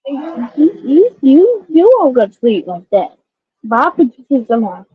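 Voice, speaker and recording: High-voiced woman cooing at a baby. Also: very animated, dry recording. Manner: cooing, halting, repeats words. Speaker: streamer. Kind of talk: casual chat with a baby. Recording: tinny phone-like dry sound.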